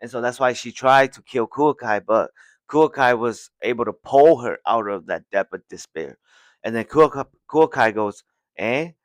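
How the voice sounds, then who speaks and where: A man's voice: mid-range voice, normal speed, dry recording. A man hosting a podcast, recapping a story in a casual, rambling way with restarts and frequent chuckles. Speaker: podcast host.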